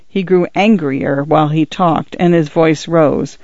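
A man narrating a story in a steady, even audiobook reading. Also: on the high side, a little slow, no echo. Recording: dull, lo-fi dry recording.

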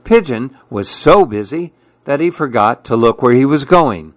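A man reading a children's story aloud as narrator in a calm, measured way. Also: mid-range voice, no echo.

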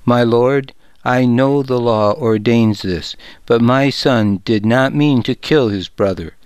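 A man voicing a grieving widow who pleads before a king, in a slow audiobook reading. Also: mid-range voice, darkish tone, smooth, dry recording, lightly acted. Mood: pleading. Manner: pleading, deferential. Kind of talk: audiobook narration.

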